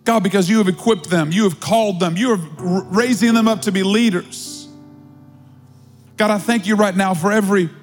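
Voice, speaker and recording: A high-pitched male pastor preaching to his congregation, stretching out key words and repeating phrases for emphasis. The sound carries a long church-hall reverb, with faint music underneath. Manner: preaching with drawn-out emphatic repetition. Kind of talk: sermon.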